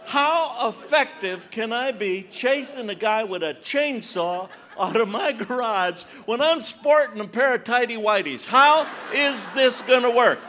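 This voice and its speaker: An older man doing stand-up storytelling as a Christian comedian, animated and acting out voices on a large conference stage. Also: very high voice, a little slow, few pauses. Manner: animated, acts out voices and shouts punchlines.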